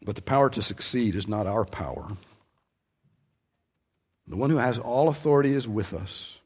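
A man preaching a sermon with an easy, conversational delivery. His pitch sits in the middle range. He punches key points with sudden emphasis, then drops low and soft. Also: breathy edge. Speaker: pastor.

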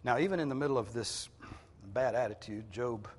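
A man's voice: mid-range voice, moderate pace, husky. Male pastor, conversational sermon, everyday explanations, mid-range voice, long hall reverb. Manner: conversational, explains scripture in plain everyday words. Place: church hall with a congregation.

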